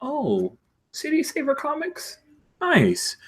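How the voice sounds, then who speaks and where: A man's voice: extremely high pitch, wildly swooping pitch, slow pace, pitched above the performer's own voice, heavily acted. A man voicing a cocky female superhero who talks down to people in a sing-song way. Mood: delighted.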